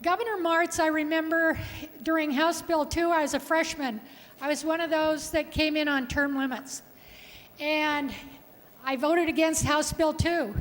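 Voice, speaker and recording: A woman's voice: sits high, fairly even intonation, measured pace. A woman state senator giving a farewell speech, telling folksy stories with chuckles from a legislative chamber podium. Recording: long reverb of a large chamber.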